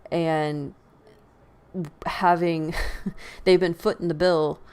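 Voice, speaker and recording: An American woman hosts a podcast in a low-pitched, extremely slow, clean voice. Her casual commentary is opinionated and animated, full of laughs and sighs.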